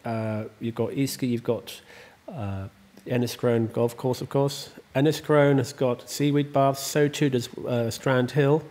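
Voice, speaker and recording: A man's voice: mid-range voice, steady tone, a little slow, few pauses, a little mellow. Rambling, chatty man. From Ireland. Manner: rambling, chatty, many ums and restarts. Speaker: host and estate owner. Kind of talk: casual interview.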